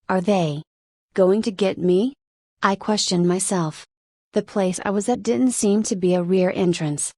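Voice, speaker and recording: A woman narrating a first-person light novel audiobook in a steady, measured reading. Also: mid-range voice, no room sound.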